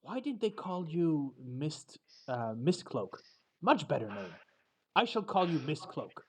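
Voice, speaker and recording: A man voicing a proud, condescending old male dragon who speaks slowly and musingly. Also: a little high, very animated, slight background noise. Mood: haughty. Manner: slow, musing, hesitant speech.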